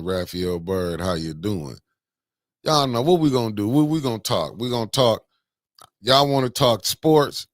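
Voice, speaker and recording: A man hosting a casual morning livestream, greeting viewers by name with slangy, animated banter. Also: lowish voice, no room sound, studio quality. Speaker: livestream host.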